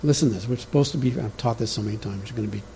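A man's voice: on the low side, racing, gravelly, warm tone, slight background noise. A man preaching a sermon as pastor, in a conversational teaching manner that speaks directly to the congregation.

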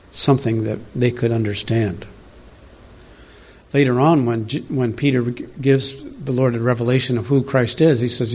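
Middle-aged guy preaching, husky voice, rambly and chatty, laughs at his own tangents. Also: medium pitch, darkish tone. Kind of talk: informal sermon. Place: church room with congregation.

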